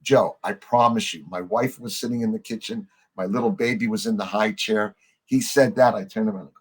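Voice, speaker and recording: A man, a podcast guest, telling long stories in a relaxed conversational way and acting out the other people's lines himself. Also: on the low side, brisk, husky. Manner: animated storyteller acting out quoted voices. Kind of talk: conversational storytelling.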